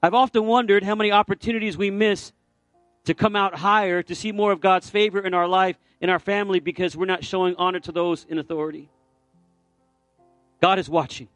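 A man's voice: sits high, steady tone, fairly quick, a bit bright, no room sound, faint music behind. A middle-aged man preaching, telling a personal story and then leading a fervent altar call. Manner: storytelling, building to fervent exhortation. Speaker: pastor. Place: church sanctuary.

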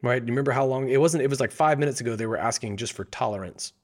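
A man giving a devotional Bible teaching, explaining scripture and asking his listeners many rhetorical questions in an animated way. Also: mid-range voice, rapid-fire.

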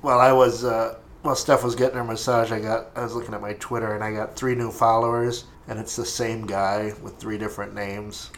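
A woman comedian in casual chat, telling animated stories with loud bursts and acted-out dialogue. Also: rumbling low, brisk, hardly any pauses, a little hiss or hum.

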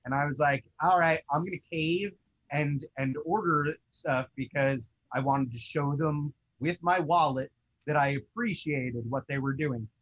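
A young man co-hosting a toy collecting show, chatting in an excitable, rambling way. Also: on the high side, measured pace, lo-fi sound. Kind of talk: casual chat.

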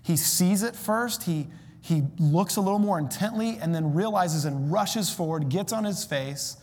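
A man preaching a sermon, conversational and self-deprecating, with animated asides. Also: high-pitched, measured pace. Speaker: pastor. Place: church sanctuary. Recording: long hall reverb.

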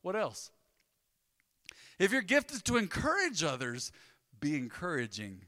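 A man, a pastor preaching a sermon in a conversational, joking way with animated storytelling. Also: a little high, a little slow, big-room sound.

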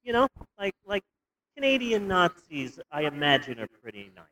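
Rambling young guy on a comedy podcast, bouncy lively voice, kinda high. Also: normal speed, low-quality recording. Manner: rambling, animated, stumbles and restarts. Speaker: podcast co-host. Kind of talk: casual comedic movie review chat.

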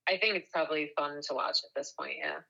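A woman's voice: sits low, creaky, bright, forceful tone, muffled recording. A woman co-hosting a podcast in casual chat, talkative and swearing freely. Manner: chatty, swears freely, quick bursts. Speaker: podcast co-host.

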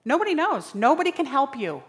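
A woman's voice: sits high, sing-song, brisk. A woman preaching a sermon in a dramatic style, repeating phrases for emphasis. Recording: long reverb of a large hall.

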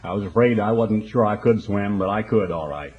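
A man's voice: on the low side, brisk, phone-quality sound. A man preaching a broadcast sermon in a folksy, conversational storytelling manner.

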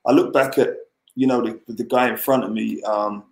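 A man's voice: mid-range voice, steady tone, normal speed. A man casually telling a long personal story as a podcast guest, rambling, with lots of fillers and restarts. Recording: roomy echo.

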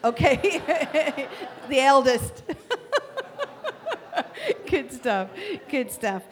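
A woman's voice: high voice, animated, extremely slow. A woman in her forties with a Northern Irish accent, speaking to a church congregation on a handheld mic, joking and enthusiastic. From Northern Ireland. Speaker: prophetic minister. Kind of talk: lively church talk to a congregation. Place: church hall.

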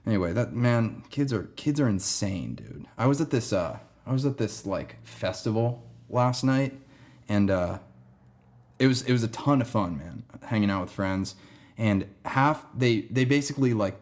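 A man's voice: on the low side, a little mellow. Laid-back young man rambling. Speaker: podcast host. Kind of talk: casual storytelling monologue.

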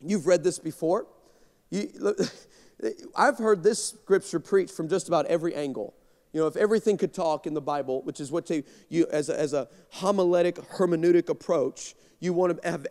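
A man preaching from the pulpit in a big church, his raised, bright voice carrying through a long, ringing reverb. He tells stories with energy and repeats himself as he presses his points. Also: a little high, moderate pace. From Texas. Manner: energetic, storytelling, repeats words when excited. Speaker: guest pastor. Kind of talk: sermon. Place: large church sanctuary.

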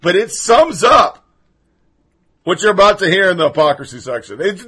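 A man's voice: high-pitched, very animated, moderate pace, pauses often, a bit bright, husky. A man with a slightly raised voice hosts a political talk show and rants at length. He is sarcastic and mocking, swears freely and pours scorn on whoever he's talking about. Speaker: podcast host. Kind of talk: political commentary rant.

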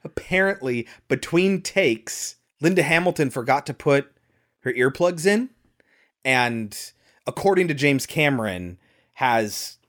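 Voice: medium pitch, fairly bright tone. A co-host in casual chat who retells film scenes with enthusiasm and casual swearing. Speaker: movie podcast co-host.

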